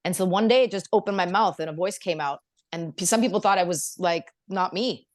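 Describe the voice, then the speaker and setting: A woman's voice: fairly low pitch, a little fast. A woman from Canada chatting as a guest on a podcast, bubbly and laughing often. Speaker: guest singer and dancer. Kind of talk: casual interview chat.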